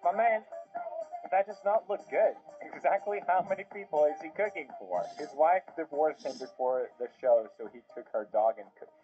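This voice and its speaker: A man's voice: fairly high pitch, brisk, few pauses, warm tone. A young man giving casual reaction commentary on video clips, with laughing outbursts and sarcastic asides. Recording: tinny phone-like sound with faint music.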